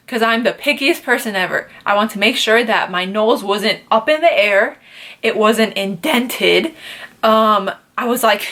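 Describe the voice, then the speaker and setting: A young woman chatting to camera in a casual storytime vlog, animated and full of "like" and "literally". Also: a little high, moderate pace. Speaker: beauty vlogger.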